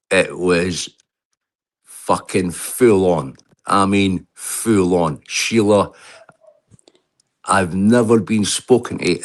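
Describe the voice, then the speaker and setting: A man on a video call, telling an angry, heated and sweary story with lots of restarts. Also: low voice. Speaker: livestream guest. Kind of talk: heated casual rant.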